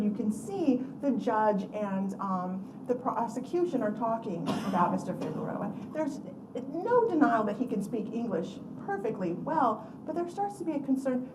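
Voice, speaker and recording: A woman lecturing to a room, her voice sitting a little high and picked up from far off. The room echoes around her, with a steady noise underneath. She tells stories in an earnest, explanatory way. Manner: storytelling, earnest lecture delivery. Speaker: law professor. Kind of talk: panel talk.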